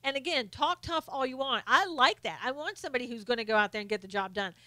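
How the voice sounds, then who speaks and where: A woman hosts a political commentary live stream and gives blunt, scolding opinions point by point. Her voice is higher than most, bright and forceful, with a smooth, crisp clarity. The recording is dry, with no room sound. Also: lively intonation, quick pace, no room sound. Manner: blunt and opinionated, answers viewer comments by name; scolding, lists points one by one.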